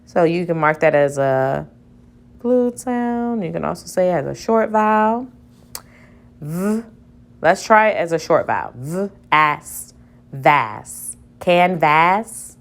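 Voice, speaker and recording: A woman teacher slowly sounding out word syllables aloud in a phonics lesson. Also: lowish voice, animated.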